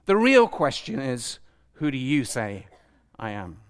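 A man's voice: mid-range voice, sing-song, a little slow, smooth. A man preaching a sermon to a live audience, asking his listeners questions and acting out the voices he quotes.

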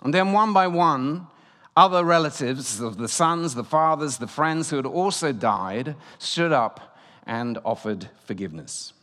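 A man giving a sermon as guest preacher, telling a story and swinging between loud and hushed delivery. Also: a little high, animated, unhurried. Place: church. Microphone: room microphone. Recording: long church reverb.

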